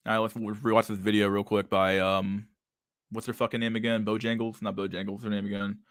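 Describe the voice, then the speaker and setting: A man's voice: fairly low pitch, level tone, fairly quick, dry recording, clean studio sound. A young man hosting a casual livestream, talking over videos in a rambling, profane way and repeating his words. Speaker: streamer host.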